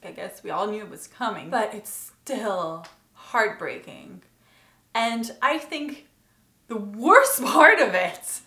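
A woman talking through a TV episode review in a casual vlog style, emotional and gushing as she goes. Her pitch sits a little high and swings widely. The room around her is echoey. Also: animated, slow pace, pushed and bright.

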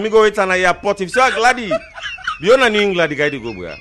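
A man's voice: sits high, fast talker, a little hiss or hum. Man, Sierra Leonean Krio accent, stand-up jokes, acts out each person, bouncy up-and-down delivery. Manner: lively storytelling in Krio-flavored English, acting out the people in each joke. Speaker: comedian. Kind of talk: stand-up joke telling.

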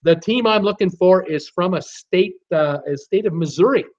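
Man, trivia stream host, casual chatty delivery, raised pitch, muffled low-fi sound. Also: moderate pace, a little mellow. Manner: chatty, reads viewer names and answers, frequent uh fillers. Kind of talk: casual live-stream chat.

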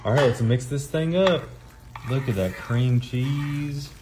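A playful man hosts a home cooking video, joking around and speaking straight to his viewers. His pitch sits in the middle of the male range. A faint clatter of pans is heard behind him. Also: slow, noisy background. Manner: playful, jokey, talks to viewers as folks. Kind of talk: casual cooking chat.

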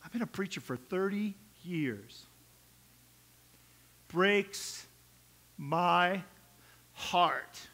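A man's voice: sits high, drawn-out words, pauses often, pushed and bright. A middle-aged male pastor preaching a sermon in a conversational, humorous way, acting out little quotes.

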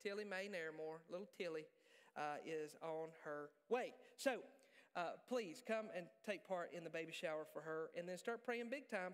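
A male pastor preaching a sermon in a church, joking and animated, poking fun at himself. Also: a little high, clean tone. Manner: joking, animated, self-deprecating. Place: church sanctuary. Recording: reverberant church hall.

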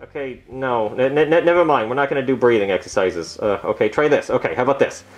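A man's voice: mid-range voice, quick pace, close to an everyday voice. A man playing a smug, cocky grown man posing as a doctor, rambling and stammering.

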